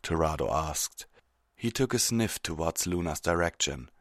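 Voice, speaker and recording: A man with a very deep voice reads a fantasy story aloud. His delivery is steady and measured, and the recording is dry and close. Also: no echo. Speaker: narrator. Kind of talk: audiobook reading of fiction.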